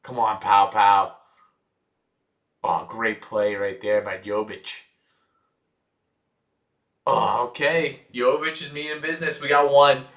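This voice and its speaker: A man's voice: medium pitch, fairly even intonation, slow pace, pauses often, a bit bright. A young man hosting a live stream, chatting casually, cheering and teasing his viewers. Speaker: livestream host.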